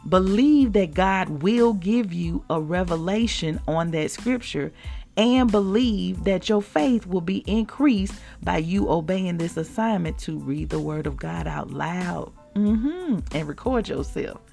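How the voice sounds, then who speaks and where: Woman host giving a lively devotional lesson, a bit of fry in the voice. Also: fairly low pitch, unhurried, faint music behind. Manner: animated, laughs often, addresses listeners as y'all. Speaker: podcast host and preacher. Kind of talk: devotional teaching with scripture reading.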